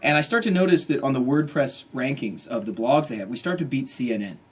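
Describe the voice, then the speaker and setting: A man in his thirties telling a comic story to a bookstore audience, quick and laughing often, acting out the people he quotes. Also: medium pitch, expressive, a little hiss or hum. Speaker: author giving a bookstore talk. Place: bookstore event.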